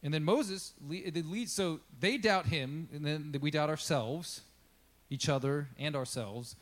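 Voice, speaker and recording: A male pastor gives a relaxed, conversational sermon in a fairly high voice. He talks to his congregation in a chatty way, acts out what people in the story say, and drops in questions and asides. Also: a little slow.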